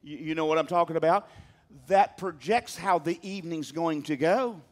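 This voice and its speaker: A man's voice: on the high side, normal speed. A man preaching a sermon, talking emphatically and calling on the congregation to answer him. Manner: emphatic, calls on the congregation to respond.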